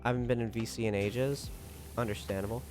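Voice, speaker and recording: A man's voice: mid-range voice, fairly even intonation, fast, darkish tone, faint music behind. Young man chatting on a live stream. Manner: reads viewer messages aloud and thanks them; playful, joking, laughs often. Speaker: livestreamer. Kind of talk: casual live-stream chat.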